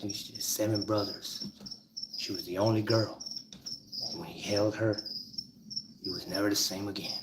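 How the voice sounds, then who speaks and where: A man's voice: fairly low pitch, fairly even intonation, moderate pace, pauses often, very noisy. A man telling stories and teaching a numbers trick in a casual, profane, emphatic way. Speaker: numerology teacher. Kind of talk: casual storytelling monologue.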